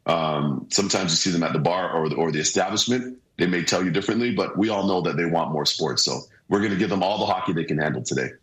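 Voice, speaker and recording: Hoarse low-voiced man on a roomy remote feed. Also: fast, few pauses. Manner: energetic, repeats phrases for emphasis. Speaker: guest hockey analyst. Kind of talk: casual sports talk. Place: remote room, joining by video. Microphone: video call.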